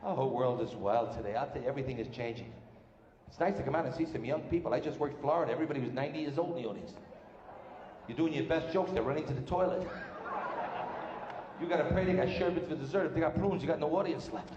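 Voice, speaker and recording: A man doing a live stand-up routine with brash, rapid-fire joke telling on a large stage. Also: fairly high pitch, darkish tone, muffled recording. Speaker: stand-up comedian. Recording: roomy live hall with faint noise.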